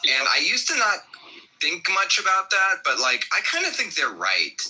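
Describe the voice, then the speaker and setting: A man's voice: high voice, wildly swooping pitch, normal speed, sharp tone, slightly rough, low-quality recording. A man co-hosting a podcast in loose, rambling casual chat, full of restarts, asides and profanity. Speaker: podcast co-host.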